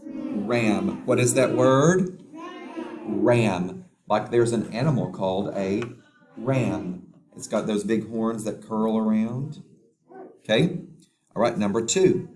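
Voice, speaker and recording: Slow, patient male phonics teacher. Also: fairly low pitch, a crowd in the background. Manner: slow, patient, sounding out letters. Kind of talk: phonics lesson for young children.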